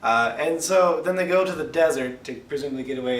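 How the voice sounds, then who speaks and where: A man co-hosting a casual movie review podcast, joking and acting out scenes in quick put-on voices. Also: fairly high pitch. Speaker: podcast co-host. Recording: roomy, distant mic with faint noise.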